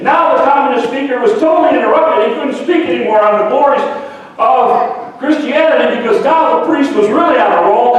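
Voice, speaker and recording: A man preaching an Easter sermon, telling a story and rising to shouted refrains. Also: extremely high pitch, normal speed. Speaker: pastor. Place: large church hall. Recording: echoey church hall from a distance.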